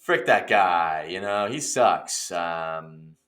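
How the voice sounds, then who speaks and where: A man's voice: sits low, animated, takes it slowly, fairly bright tone. A young man co-hosting a podcast in casual comedic chat, playfully riffing and acting out bits. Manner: playful, riffs and acts out courtroom bits. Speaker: podcast co-host.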